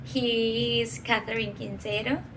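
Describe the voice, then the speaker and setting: Venezuelan woman speaking halting English. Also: a little high, level tone, fairly bright tone, slight background noise, rough recording. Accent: Venezuelan Spanish. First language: Spanish. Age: 20s. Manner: halting non-native English, frequent "okay" fillers. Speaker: professor. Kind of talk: personal monologue.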